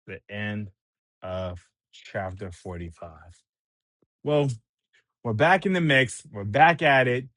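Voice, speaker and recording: A man giving an excitable, casual chapter recap as a manga reviewer, reading scenes aloud. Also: lowish voice, dry recording, clean studio sound. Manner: excitable, reads scenes aloud, laughs often.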